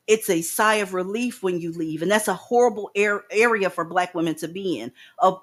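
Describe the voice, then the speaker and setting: A woman's voice: fairly low pitch, a bit bright. A woman hosting a commentary stream, talking bluntly and lecturing her viewers with profanity. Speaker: commentary host. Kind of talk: casual commentary.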